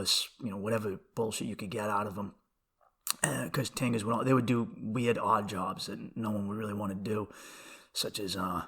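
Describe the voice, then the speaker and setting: A man's voice: medium pitch, a bit bright. A young man hosting a podcast, telling rambling stories in a casual, profane comedic monologue and laughing often. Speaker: podcast host.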